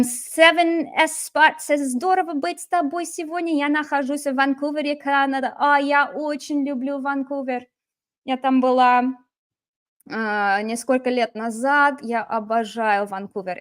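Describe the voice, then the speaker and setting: A woman with a somewhat high voice gives a casual, joking livestream lesson in Russian grammar. She is lighthearted and animated, and she is an English speaker who slips easily into Russian. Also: normal speed. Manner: switches between English and Russian. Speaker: Russian teacher.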